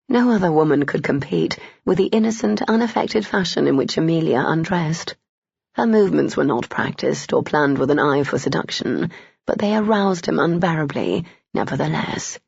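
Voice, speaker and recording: Husky woman reading a romance audiobook, gravelly, dry dull sound. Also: low voice, darkish tone, no echo. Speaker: narrator.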